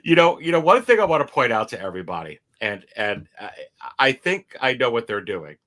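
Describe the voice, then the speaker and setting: A man's voice: medium pitch, sing-song, brisk, bright, forceful tone. A man chatting animatedly as a guest on a livestream, repeating words and laughing easily over a video call. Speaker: guest toy collector. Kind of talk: casual chat on a livestream.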